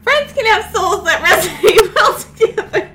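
A woman's voice: very high-pitched, animated, moderate pace, heavy background noise. A woman co-hosting a casual podcast, giggly and playful. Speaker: podcast co-host.

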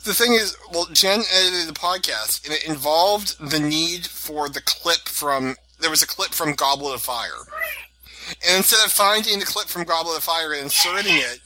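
A man's voice: on the high side, normal speed, noisy background. An American man hosting a podcast, telling stories in a rambling way and laughing often. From United States. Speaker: podcast host. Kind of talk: casual group chat.

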